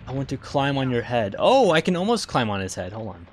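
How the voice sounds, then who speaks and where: A man's voice: medium pitch, sing-song, a little fast, a little hiss or hum. A man streaming a video game with goofy, playful commentary and jokey yelps of pain. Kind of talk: casual let's-play commentary.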